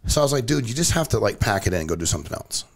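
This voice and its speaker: A man in casual conversation as a podcast guest, blunt and direct, telling stories and pushing his point hard. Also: racing. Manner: blunt, animated, jumps pitch for emphasis. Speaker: company CEO, podcast guest. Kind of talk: casual storytelling chat.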